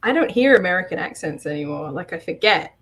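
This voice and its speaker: A woman's voice: lowish voice, animated, quick pace, a bit bright. A woman from southeast England with a Kentish accent, chatting casually, her sentences often rising at the end. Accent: Kentish English. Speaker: artist co-host. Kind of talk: casual chat.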